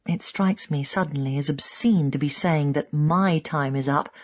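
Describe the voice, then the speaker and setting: A woman narrating a nonfiction audiobook in first person, measured and reflective. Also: sits low, muffled recording.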